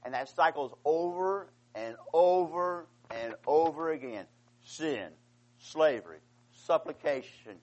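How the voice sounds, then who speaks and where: A man preaching a sermon with passion, swinging from quiet explanation to loud, pleading outcries and calling out "amen" to his congregation. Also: fairly high pitch, animated, unhurried, muffled recording. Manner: impassioned, rising to pleading outcries.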